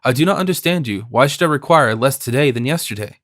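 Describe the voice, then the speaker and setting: A man reading the part of a proud young gentleman who speaks coldly and curtly, slightly lower and softer than his narration. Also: animated, quick pace, no echo, studio quality, natural voice. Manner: cold, clipped, impatient. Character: haughty young foreign gentleman, curt and proud.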